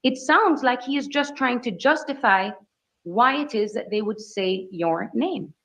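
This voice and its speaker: A woman's voice: fairly high pitch, lively intonation, a little slow, a bit bright. A woman attorney questioning a witness in court with firm, leading questions. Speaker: defense attorney. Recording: dull courtroom audio.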